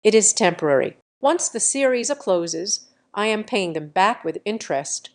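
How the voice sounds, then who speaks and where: A woman's voice: medium pitch, expressive, normal speed, natural voice. A woman voicing a whiny, petulant son in his twenties in a storybook narration.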